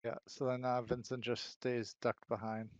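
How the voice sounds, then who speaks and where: A man's voice: mid-range voice, level tone, normal speed, no echo. A man playing a tabletop game, working out his dice math aloud. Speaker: player. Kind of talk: casual tabletop game play. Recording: slightly muffled lo-fi audio.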